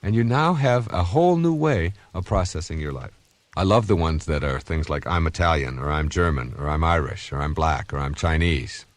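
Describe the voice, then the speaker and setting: A man's voice: a bass voice, normal speed, no echo. A man in his fifties giving a recorded self-help talk in an earnest, conversational, anecdotal way. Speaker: self-help author and speaker.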